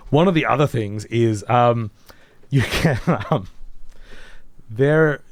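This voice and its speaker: Brief: husky-voiced host, rambling and thoughtful, dry close mic. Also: male voice, medium pitch, slow, no echo. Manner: rambling, thoughtful, many ums. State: hoarse, voice nearly gone. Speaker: podcast co-host. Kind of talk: casual game review chat.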